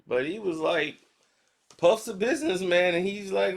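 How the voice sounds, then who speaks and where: A man hosting a casual commentary vlog, talking in slangy, animated style and acting out quotes. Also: sits high, moderate pace, creaky. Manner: animated, slangy, acts out quotes in other voices. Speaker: commentary channel host.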